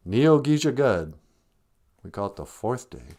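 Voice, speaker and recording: A man's voice: mid-range voice, big pitch swings, unhurried, pauses often, a little mellow. A man hosting a comedic live-stream language lesson, teasing a pretend caller in a blunt, chatty way. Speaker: Ojibwe language teacher and host.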